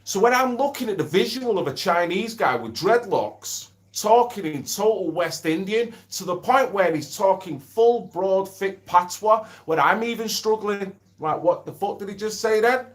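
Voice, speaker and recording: A man's voice: high voice, animated, normal speed, hardly any pauses. A middle-aged man streaming from home, chatting bluntly, swearing freely and reading out viewer comments. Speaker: livestream host. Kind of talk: casual livestream chat.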